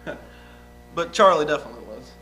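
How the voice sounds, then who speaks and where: A blunt young outlaw witness with no schooling rambles through his answers in a folksy, halting way, as a man plays him. His voice sits high and sounds bright and forward, with faint music underneath. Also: animated. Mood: guarded. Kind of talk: improvised courtroom drama.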